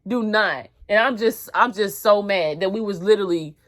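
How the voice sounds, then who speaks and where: A woman's voice: mid-range voice, moderate pace, fairly bright tone. Woman, mother, venting vlog, heated, emphatic, repetitive. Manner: heated, emphatic, repeats herself. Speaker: mother vlogger.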